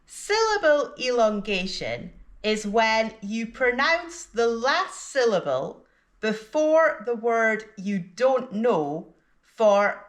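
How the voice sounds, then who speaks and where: A woman teaching an English lesson in a slow, deliberate scripted delivery, with exaggerated intonation in her example sentences. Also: mid-range voice.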